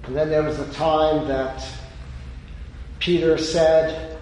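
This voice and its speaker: A man's voice: fairly high pitch, flat delivery, slow, a little mellow, a little hiss or hum. A man preaching a sermon, retelling stories and lifting his voice when he quotes the people in them. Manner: storytelling, voicing quoted speakers with rising emphasis. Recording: echoey hall.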